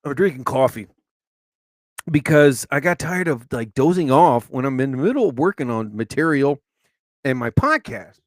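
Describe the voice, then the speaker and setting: A man's voice: medium pitch, big pitch swings, normal speed, no echo. A man hosting his own live show and podcast in a rambling, chatty monologue, laughing often and restarting his sentences.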